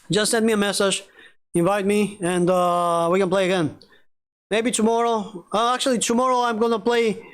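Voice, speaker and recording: Male gaming streamer, high voice, rambling and excitable, curses freely. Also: smooth. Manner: rambling, excitable, swears a lot. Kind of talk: casual live-stream chat.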